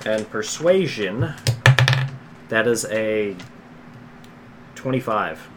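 A woman's voice: a bass voice, animated, extremely slow, heavy background noise. A woman player in a tabletop game, chatting casually and joking with the group. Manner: joking, playful.

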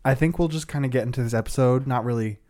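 A man's voice: mid-range voice, fast talker, darkish tone. A man in his twenties co-hosting a podcast, chatting casually with a laid-back, dryly joking manner. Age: 20s. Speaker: podcast co-host. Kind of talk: casual chat.

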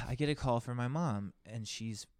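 A man's voice: medium pitch, a little slow, dry recording. Young male co-host, casual slangy storyteller, dry close sound. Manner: slangy, profane, animated retelling. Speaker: podcast co-host.

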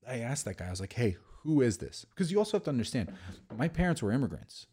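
A man's voice: medium pitch, sing-song, racing, a little mellow, husky. A young man co-hosting a casual podcast, rambling through stories with lots of swearing and fillers. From New York, the Bronx. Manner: rambling storytelling, crude swearing, many fillers. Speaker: podcast co-host. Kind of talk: casual drinking-podcast chat.

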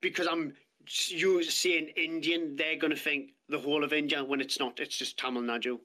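A British man speaks as a podcast guest, recounting events bluntly and swearing freely. His voice sits a little high and has a bright, forceful edge. He talks in a plain, casual storytelling manner. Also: fairly even intonation, moderate pace. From Britain. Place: podcast studio.

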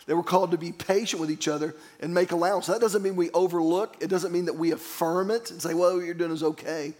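Man, pastor, sermon in a church, earnest storytelling, fairly high voice. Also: fairly even intonation, fast, hardly any pauses, darkish tone. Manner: earnest, storytelling, calls for congregation responses.

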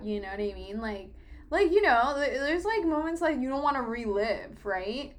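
A woman's voice: a little high, big pitch swings, moderate pace. A young woman co-hosting a casual chat, rambling with lots of fillers and casual swearing.

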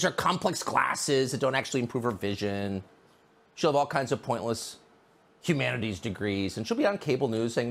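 A man's voice: medium pitch, sing-song, normal speed, gravelly. A man delivering sarcastic, emphatic opinion commentary.

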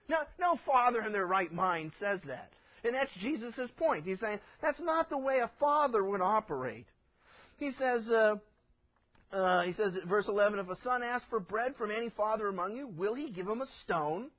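High-voiced folksy pastor preaching. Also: male voice, expressive, a little fast, highs cut off. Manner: folksy, acts out voices in his stories. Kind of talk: sermon.

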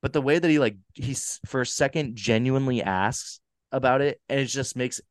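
A young man co-hosting a casual movie review podcast, animated and swearing freely as he acts out lines. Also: medium pitch, fairly quick, no room sound, clean studio sound. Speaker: podcast co-host. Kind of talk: casual chat.

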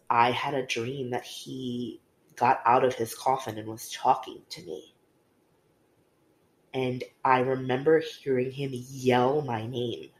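Young woman podcaster, candid and chatty, echoey room. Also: very deep voice. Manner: candid storytelling, many fillers. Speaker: podcast co-host. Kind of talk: casual conversation. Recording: roomy echo.

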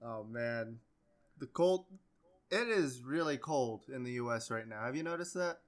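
A man's voice: mid-range voice, animated, unhurried. A man in casual chat, listening easily and reacting with sympathy.

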